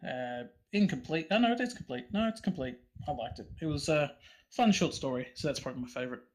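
A man's voice: on the high side, expressive, quick pace. A man co-hosting a casual podcast, talking in a stammering, self-interrupting way. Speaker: podcast co-host. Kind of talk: casual chat.

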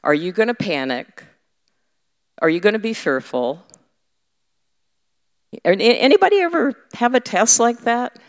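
A woman delivers a conversational sermon, candid and quick to tease her congregation. She speaks slowly and deliberately in a mid-range voice. The sound is slightly dull and echoes through a large church sanctuary. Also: on the high side, big pitch swings. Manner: humorous, candid, teasing the congregation. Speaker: women's ministry leader and preacher.

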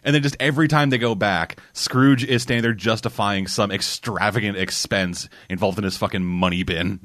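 A man's voice: on the low side, steady tone, normal speed, fairly bright tone, dry recording. A man co-hosting a podcast in casual, dry, wry and profane chat. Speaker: podcast co-host.

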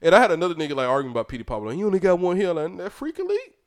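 A man's voice: high voice, big pitch swings, very fast. A man with a New York accent, hosting a podcast in loose, joking casual chat, swearing and laughing often. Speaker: podcast host.

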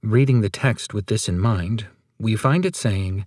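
A man reading a sermon aloud in a measured, solemn and emphatic way. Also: on the low side, expressive, darkish tone, no echo, studio quality. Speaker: reader of a sermon.

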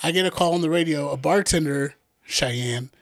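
A man telling a profane, animated story in casual chat, acting out the people he quotes. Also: on the high side, moderate pace, no echo.

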